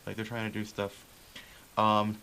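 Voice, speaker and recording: A man's voice: fairly low pitch, completely flat delivery, a little slow, vocal fry, sharp tone, slight background noise, low-quality recording. A man co-hosting a movie podcast in casual chat, stammering with many false starts. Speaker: podcast co-host.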